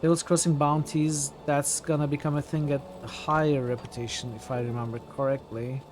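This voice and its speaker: A man's voice: fairly high pitch, flat delivery, moderate pace, a little mellow, slight background noise. A man streaming a game, thinking aloud in casual commentary with frequent hesitations.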